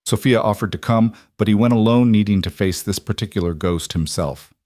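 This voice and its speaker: A man narrating a scripted family story in an even, unhurried way. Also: on the low side, no room sound, studio quality.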